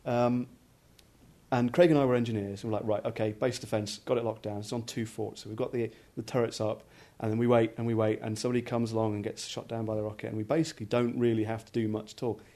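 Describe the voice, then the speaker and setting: A man's voice: mid-range voice, flat delivery, quick pace, warm tone. A man hosting a casual studio podcast, rambling and chatty with many restarts. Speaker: podcast host, magazine editor.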